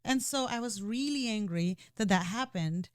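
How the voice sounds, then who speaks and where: A woman's voice: mid-range voice, animated, moderate pace, no room sound, clean studio sound. A woman speaking candidly and emotionally in a personal conversation, often restarting her sentences. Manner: emotional, earnest, with frequent restarts and "you know".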